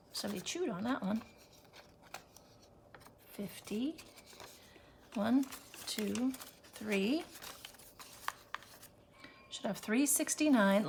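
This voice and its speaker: Lady counting cash out loud, gravelly fry, mutters numbers, little hiss behind. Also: mid-range voice. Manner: counting bills aloud, often softly, with self-deprecating asides. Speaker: budgeting vlogger. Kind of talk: casual cash-stuffing vlog.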